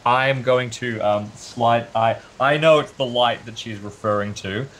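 A man playing a tabletop horror game, speaking hesitantly with many pauses and ums. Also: medium pitch, fairly bright tone, a little hiss or hum. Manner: hesitant, halting, lots of um. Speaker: player.

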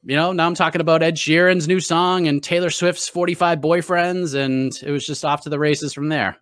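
Fairly quick and a bit bright, this man's voice sits on the high side with a steady tone and no echo. He's a Boston-accented MMA reporter from New England, appearing as a guest in a casual podcast interview and spinning chatty stories full of restarts and fillers.

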